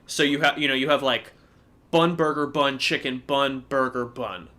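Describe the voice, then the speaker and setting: A man co-hosting a casual livestream, telling a story in an animated way and swearing freely. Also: medium pitch, normal speed. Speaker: co-host.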